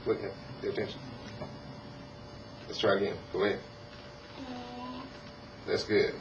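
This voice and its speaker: A man quietly coaching his young child through letter sounds, gently insisting that the child pay attention. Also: lowish voice, flat delivery, a little slow. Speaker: parent teaching his child. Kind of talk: home reading lesson. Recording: distant, muffled old tape with hiss.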